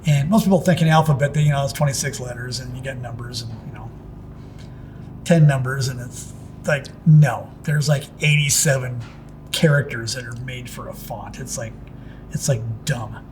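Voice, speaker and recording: A middle-aged man at an ordinary pitch tells loose, rambling shop-floor stories in an easygoing interview. He keeps restarting sentences and tossing in casual asides. A faint low rumble sits underneath him. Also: normal speed, darkish tone. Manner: rambling anecdotes with restarts and "it's like". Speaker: pinstriping artist telling his story.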